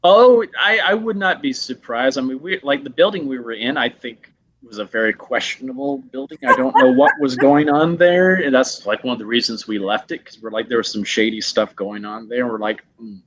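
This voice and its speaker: An animated middle-aged man tells stories as a guest, slipping into quick impressions and breaking into laughter. His pitch sits in a plain middle range. The recording is dry and close, with no room echo. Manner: animated storyteller who acts out voices and laughs often. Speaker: guest actor. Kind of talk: casual anecdote telling.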